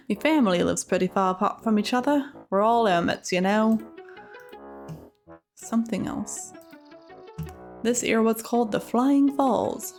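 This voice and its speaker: A woman's voice: mid-range voice, expressive, unhurried, pauses often, faint music behind. A woman voicing a chatty old male cave hermit who rambles in folksy dialect grammar, reading his lines in a put-on accent. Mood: cheery rambling.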